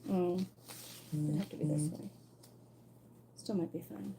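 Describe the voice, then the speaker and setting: A woman's voice: fairly low pitch, fairly even intonation, measured pace, gravelly, warm tone, a little hiss or hum, rough recording. A woman leading a casual sewalong tutorial, chatting and thinking aloud as she plans and cuts her fabric pieces. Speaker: sewing instructor.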